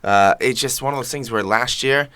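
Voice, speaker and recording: A man with a bright, forceful voice, recorded dry with no room sound. He co-hosts a casual soccer podcast and talks bluntly, brushing off views he disagrees with. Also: mid-range voice, moderate pace, smooth, dry recording. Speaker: podcast co-host. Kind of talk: casual sports chat.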